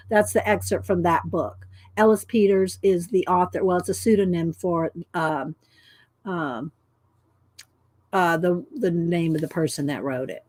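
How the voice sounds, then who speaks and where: A woman's voice: lowish voice, unhurried, darkish tone, no echo. Chatty woman reading cards. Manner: chatty, stumbles over names, frequent fillers. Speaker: channel host. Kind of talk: casual livestream chat, reading cards aloud.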